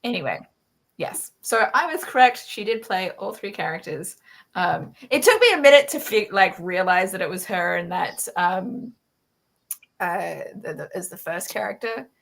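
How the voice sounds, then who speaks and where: A woman with an Australian accent hosting a casual chat, talking in quick bursts full of fillers and restarts, laughing often. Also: medium pitch, lively intonation, gravelly, fairly bright tone. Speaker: podcast host.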